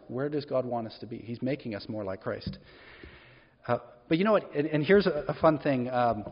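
A man preaching a sermon in a church, talking in a conversational way and asking the congregation questions as he goes. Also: mid-range voice. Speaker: pastor. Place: church hall. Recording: echoey hall, dull lo-fi sound.

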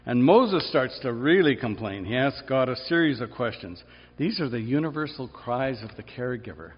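Male preacher, sermon delivery, lively pitch, dull sound in a big echoing hall, acts out the cries in a strained voice. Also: moderate pace, husky. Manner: animated, acts out quoted cries in a high strained voice. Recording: dull sound, long reverb in a large hall.

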